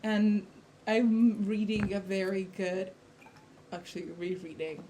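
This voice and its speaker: A woman's voice: medium pitch, steady tone, slow, mellow, a little hiss or hum. Chatty woman co-host. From Italy. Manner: chatty, with frequent fillers and self-corrections. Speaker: podcast co-host. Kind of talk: casual chat.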